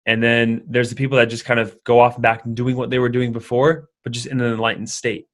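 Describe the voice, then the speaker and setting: A man's voice: mid-range voice, little pitch movement, a little fast, a bit bright. Rambling young man talking casually. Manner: rambling, full of fillers and restarts. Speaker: podcast guest. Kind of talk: casual conversation.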